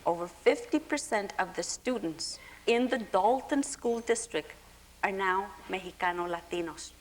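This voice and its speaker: A woman's voice: medium pitch, measured pace. A woman speaking on a panel at a public forum, talking with passion and emphasis and often checking in with "okay?". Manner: impassioned, emphatic, frequent "okay?". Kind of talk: panel discussion. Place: lecture hall forum.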